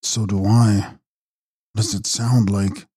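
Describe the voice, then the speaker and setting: Man reading as a frightened young gentleman, husky and dark, dry close sound, urgent audiobook line. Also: on the low side, little pitch movement, slow pace, no echo. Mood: alarmed. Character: alarmed young gentleman at night.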